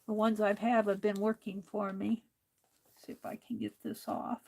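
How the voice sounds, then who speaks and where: A woman's voice: medium pitch, level tone, normal speed, vocal fry, darkish tone. A woman hosting a crafting livestream, chatting casually, thinking aloud and talking to her viewers. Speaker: livestream host.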